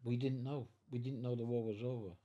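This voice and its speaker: A man in his nineties telling his wartime story at home, halting and repeating words, acting out the voices of others. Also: mid-range voice, fairly even intonation, warm tone, dull audio. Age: 90s. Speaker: veteran guest. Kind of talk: storytelling in an interview. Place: living room at home.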